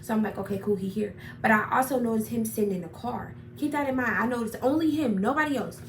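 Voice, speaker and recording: A young woman telling a personal story in a casual, animated, profane way, getting worked up as she retells it. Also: a little high, fast. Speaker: storyteller vlogger. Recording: roomy echo, far from mic, faint noise.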